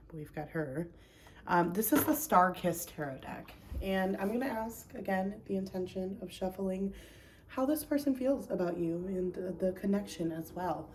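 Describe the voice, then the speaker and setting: A chatty woman talks through a casual tarot reading at home, her voice a little low for a woman and a touch breathless. She rambles easily, dropping plenty of ums along the way. A faint hiss of room noise sits under her. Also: a little mellow. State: a bit out of breath. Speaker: tarot reader. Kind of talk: casual pick-a-card tarot vlog. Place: home, indoors.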